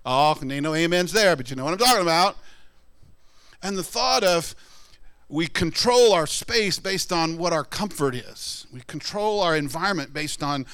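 A man preaching a sermon in a conversational, animated way, often acting out what people say. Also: moderate pace, smooth. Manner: conversational, animated, acts out quoted people in high voices. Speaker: pastor.

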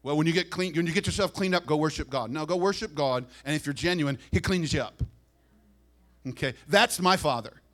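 A man preaching as pastor, animated, acting out quick voices and dropping to soft asides. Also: a little high. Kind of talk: sermon.

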